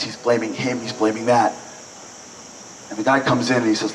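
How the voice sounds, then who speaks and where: Animated man telling a story. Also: medium pitch, moderate pace, pauses often, roomy sound, far from the mic, a little hiss or hum, poor audio. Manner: animated, acts out quoted voices. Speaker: speaker. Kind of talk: storytelling speech. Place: event hall.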